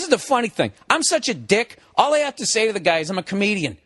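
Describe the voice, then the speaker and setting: A man guesting on a podcast as a comedian rattles off a profane comic story into the studio mic, fast and with hardly any pauses, his voice carrying a breathy edge. He drops to low mutters, then builds into high, excited rants.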